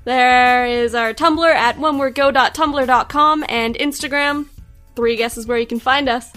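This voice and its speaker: A woman co-hosting a podcast who briskly plugs the show's pages. Her voice is high and bright, with faint music underneath. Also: steady tone. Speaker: podcast co-host. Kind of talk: casual chat.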